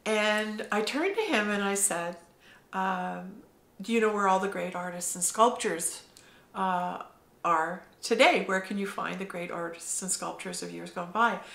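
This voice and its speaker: A middle-aged woman telling a personal spiritual story in an earnest, halting way, with many fillers. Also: mid-range voice, creaky, fairly bright tone. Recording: roomy echo.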